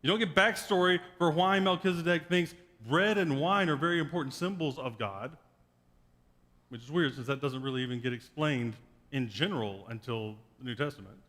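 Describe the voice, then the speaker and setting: A male pastor preaches in a wry, joking storyteller's way, his voice pitched a little high for a man. A long reverb from the church sanctuary trails every phrase. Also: normal speed, fairly bright tone. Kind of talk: sermon.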